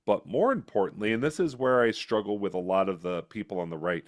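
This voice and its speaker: A man's voice: on the low side, brisk, hardly any pauses. A man, a political candidate and former educator, answering interview questions and telling a long anecdote with acted-out voices. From United States. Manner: storytelling, acting out quoted voices.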